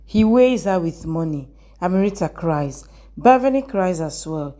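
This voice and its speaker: A woman's voice: on the low side, expressive, unhurried, mellow. A woman narrating a scripted drama recap in short, plain sentences.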